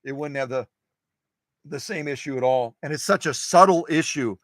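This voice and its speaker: A man's voice: on the high side, moderate pace, no room sound. A man hosting a live-stream sewing machine workshop, chatty and digressive, often repeating his phrases. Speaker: sewing machine restorer, show host.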